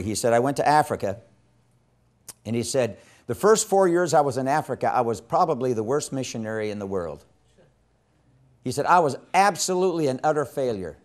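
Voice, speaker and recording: An impassioned man teaching a class on evangelism and preaching as he tells a story. His voice rises to loud emphatic peaks and sinks to hushed, slow passages. He speaks at an ordinary middle pitch for a man.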